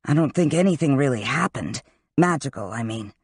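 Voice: medium pitch, animated, a little fast, husky, no echo, clean studio sound. An audiobook narrator voicing a worn-out young man who is a student wizard, answering evasively. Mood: weary.

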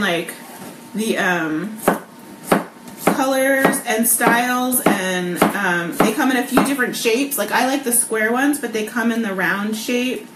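A bubbly woman in her thirties chats her way through a live cooking stream in a home kitchen, slightly high-voiced and full of ums and likes. The room rings with echo, and steady background noise sits under her voice. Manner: chatty, bubbly, laughs often, lots of um and like. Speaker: cooking vlog host. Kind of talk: casual live cooking chat.

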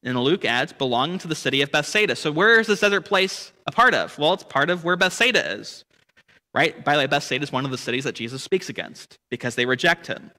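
A man's voice: on the high side, lively intonation, fast, pushed and bright, big-room sound. A man leading a church Bible study lesson, explaining the text and asking rhetorical questions with frequent "right?". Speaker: Bible teacher.

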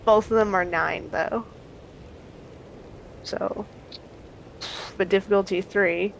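A woman playing a tabletop game, speaking slowly and musing aloud as she plays. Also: mid-range voice, steady tone, gravelly, a little hiss or hum, rough recording. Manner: slow, musing, laughs often. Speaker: player. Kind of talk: casual tabletop play.

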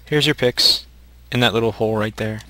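Here the man's pitch is fairly low and his delivery brisk, pushed and bright, with slight background noise. As host of a co-op survival game, he thinks out loud while playing, keeping the chat casual and ribbing his partner.

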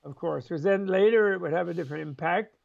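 Speaking fast in a high voice edged with vocal fry, an elderly Buddhist scholar on an interview spins chuckling, wandering tales, voicing each character he quotes. The sound quality is lo-fi.

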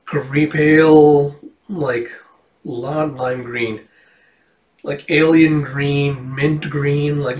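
Rambling man reading a comic aloud. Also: mid-range voice. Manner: rambling, lots of fillers. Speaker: comic book reader. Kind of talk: casual comic read-along. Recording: roomy, distant mic.

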